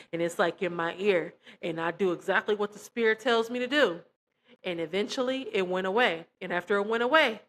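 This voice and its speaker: A woman of ordinary, mid-range pitch recounts her personal faith story in loose, conversational storytelling. She speaks earnestly and with feeling, often turning to her listeners directly as if chatting with friends. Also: pushed and bright, a little hiss or hum. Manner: emotional, earnest, addresses listeners as "y'all". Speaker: christian testimony vlogger. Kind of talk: personal testimony, casual storytelling.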